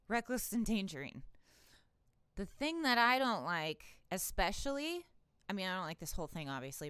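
A woman's voice: mid-range voice, a bit bright, clean tone, no echo, studio quality. A woman hosting her own political commentary channel, ranting in an irritated, sarcastic way with plenty of profanity and exasperated laughs.

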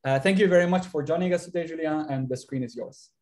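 Man, slightly higher voice, seminar host, formal introduction with stumbles. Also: fast talker, darkish tone. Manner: reads introduction with fillers and stumbles.

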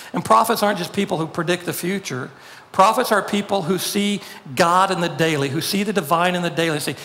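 A male pastor preaching with a high, gravelly voice. He drives his message through repeated rhetorical questions. The sound carries the long reverb of a large hall. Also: fast talker, a bit bright. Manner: rhetorical questions, builds to emphatic quoted lines. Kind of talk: sermon.

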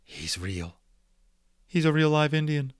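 A man reading aloud and voicing a boy who whispers and squeaks in amazement. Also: wildly swooping pitch, measured pace, no room sound, clean studio sound, full character voice. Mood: stunned. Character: astonished, tongue-tied boy.

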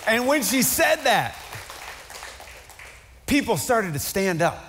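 A male pastor preaching with fervent swings between loud climaxes and hushed conversational asides. His voice sits high for a man. The sound carries the long reverb of a large church hall. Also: sing-song, takes it slowly, long pauses, a little hiss or hum. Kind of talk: sermon.

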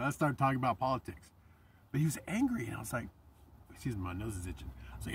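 Male vlogger, husky voice, rambling and animated, mic set back a bit. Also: mid-range voice, rapid-fire, far from the mic. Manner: animated, swears freely, voice jumps up when quoting himself. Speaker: vlogger and painter. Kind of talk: casual rambling vlog.

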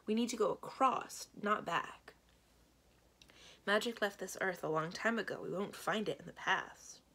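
A woman's voice: mid-range voice, unhurried, fairly bright tone, slightly rough. A woman voicing a stern, capable older woman in a storybook, speaking bluntly and matter-of-factly.

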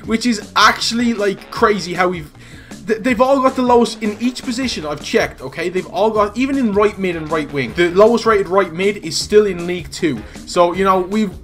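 A young man giving excited, jokey commentary over his own football video game, swinging between shouts and mutters. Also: high voice, moderate pace, faint music behind. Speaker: gaming YouTuber.

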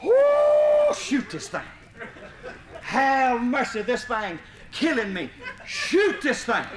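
A man's voice: wildly swooping pitch, takes it slowly, full character voice. A man with a Southern US accent voicing a panicked country man who hollers and squalls from a treetop. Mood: frantic. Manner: high frantic whooping squalls. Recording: vinyl live recording, roomy, faint hiss.

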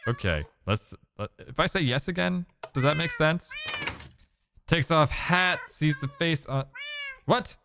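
A man's voice: a little high, unhurried, creaky, noisy background. A man giving casual gameplay commentary, talking to himself and exclaiming as he plays. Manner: animated, exclaiming, talks to himself. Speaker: let's play gamer.

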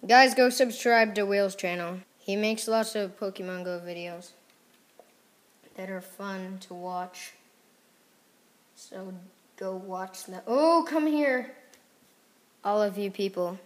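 A woman giving casual gameplay commentary as a YouTuber, mostly murmuring softly, then blurting out excited reactions. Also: medium pitch, slow, long pauses. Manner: soft mumbling with sudden excited outbursts. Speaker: gaming YouTuber.

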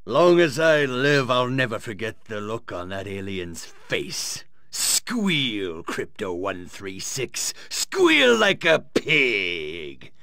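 An actor voicing a menacing soldier in a video game who reminisces in a drawl. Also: male voice, on the low side, big pitch swings, vocal fry, sharp tone, dry recording, studio quality, exaggerated voice. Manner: slow, drawling.

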